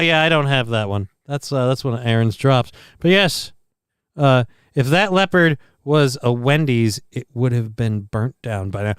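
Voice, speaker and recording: A man's voice: mid-range voice, lively intonation, moderate pace, clear, resonant tone, no room sound. Sardonic, foul-mouthed male stream host. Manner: sardonic, crude, profane jokes. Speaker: show host. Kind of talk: live-stream commentary on videos.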